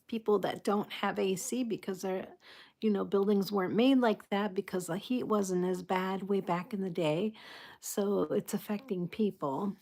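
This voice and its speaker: A woman hosting a casual live chat with her viewers, soft-spoken and apologetic, greeting people and laughing often. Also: medium pitch. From United States. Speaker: livestream host.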